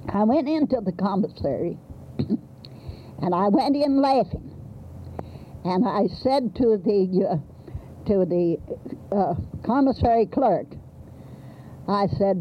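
A woman telling of her days as a midwife, in a plainspoken, earnest way, often pausing with an "uh". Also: mid-range voice. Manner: homespun, plainspoken, earnest, pauses with frequent uh. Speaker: midwife telling a life story. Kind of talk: plain spoken storytelling. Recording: dull faintly hissy old archival recording.

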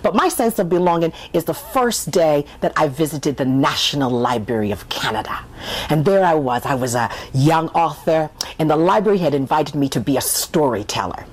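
A woman author telling a personal story in a conversational, animated way, speaking straight to her listeners. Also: low-pitched, moderate pace, husky. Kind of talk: spoken-word personal storytelling.

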